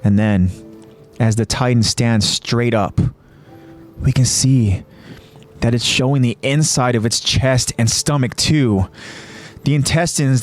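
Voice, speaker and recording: A man with a mid-range voice hosts a podcast, casually narrating an episode recap and jumping into quoted lines with a raised, shouting voice.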